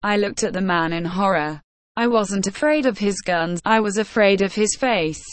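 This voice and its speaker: A woman narrating a simple story in a measured, careful reading voice. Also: mid-range voice, dry recording. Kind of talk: slow graded-reader story narration.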